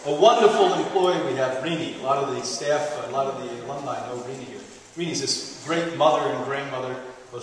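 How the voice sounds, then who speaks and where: A man's voice: medium pitch, recorded from a distance. Joking man lecturing in an echoey hall. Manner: joking, playful storyteller. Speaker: health lecturer. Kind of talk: live lecture to an audience. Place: large hall. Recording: echoey hall, taped from afar.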